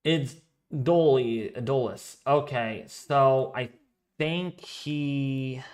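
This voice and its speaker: A man's voice: mid-range voice, drawn-out words, a little mellow, clear, resonant tone. A man hosting a weather live stream, chatting casually and rambling as he thinks aloud while reading out viewer donations. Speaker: weather livestream host.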